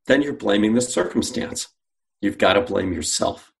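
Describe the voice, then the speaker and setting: Gravelly, animated male storyteller. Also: on the low side, moderate pace. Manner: animated storyteller acting out quoted dialogue. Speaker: guest, sales company founder. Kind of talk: storytelling interview.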